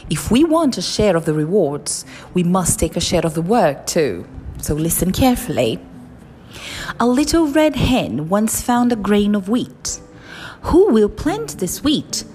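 A woman reading children's stories and fables aloud in a slow, expressive, sing-song way. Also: on the low side, slight background noise. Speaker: storyteller. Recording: reverberant with soft music.

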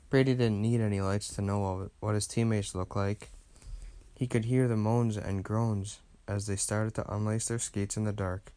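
A man reading a children's storybook aloud with gentle, steady storytelling. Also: lowish voice, moderate pace, dry recording. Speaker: narrator.

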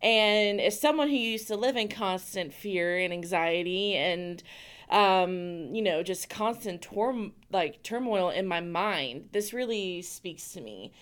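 A woman's voice: medium pitch, lively intonation, slow, smooth. A woman hosting a faith podcast, chatting in a playful, giggly way. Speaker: podcast host. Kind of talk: casual podcast chat.

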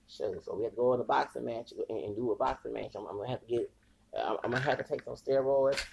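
A man's voice: mid-range voice, quick pace, creaky, darkish tone, a little hiss or hum, rough recording. A man hosting a podcast, giving heated, rambling commentary with frequent stumbles and repeated words. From United States. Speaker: podcast host. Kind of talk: ranting commentary.

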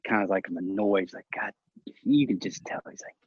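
A man's voice: low voice, fast, husky, no echo, dull audio. A man casually telling a story, acting out the voices of the people in it and laughing often. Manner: animated, acts out quoted voices, laughs often.

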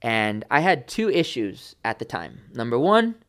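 A young man in his twenties, a podcast guest, telling a story in a lively way and acting out the people he quotes. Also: mid-range voice, measured pace, clean tone. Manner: animated, acts out quoted voices. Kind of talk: casual storytelling.

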